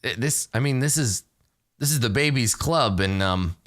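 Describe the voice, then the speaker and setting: A man's voice: medium pitch, lively intonation, moderate pace, fairly bright tone, natural voice. A man voicing an eager male bar patron who is a starstruck boxing fan, stumbling over his words. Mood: nervous.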